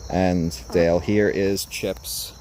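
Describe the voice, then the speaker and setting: Man, slightly low voice, casual backyard livestreamer from Japan, soft coaxing tone with his birds; phone mic outdoors, clear background noise. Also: level tone, slow. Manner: talks softly to his chickens in a coaxing sing-song. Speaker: chicken keeper livestreaming. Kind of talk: casual live-stream chat. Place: outdoors in a backyard by chicken coops. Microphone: phone camera. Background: chickens clucking, insects chirping.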